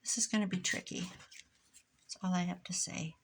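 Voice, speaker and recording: A woman's voice: lowish voice, steady tone, normal speed, a little hiss or hum. Chatty rambling middle-aged woman crafting. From Iowa, US. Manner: rambling, chatty, wanders off on tangents. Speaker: crafter vlogger. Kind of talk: casual chat while crafting. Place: home craft room.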